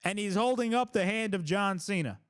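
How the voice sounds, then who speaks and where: A man hosting a live wrestling reaction stream, talking casually, swearing freely and bursting into exclamations and shouts. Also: high-pitched, normal speed. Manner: excitable, blurts exclamations and shouts at big moments.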